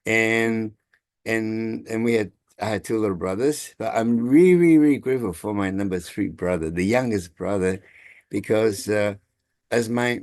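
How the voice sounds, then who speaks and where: A man, telling a family story over a video call in halting, chuckling speech. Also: lowish voice, a little mellow, no echo, studio quality. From Taiwan. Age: 60s. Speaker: congregation member sharing gratitude. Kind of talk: casual storytelling.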